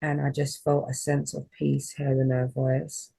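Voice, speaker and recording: A woman's voice: rumbling low, completely flat delivery, unhurried, vocal fry, dark tone, slightly rough, low-quality recording. A woman, a spiritual reader telling an emotional personal story in a rambling, heartfelt way on her vlog.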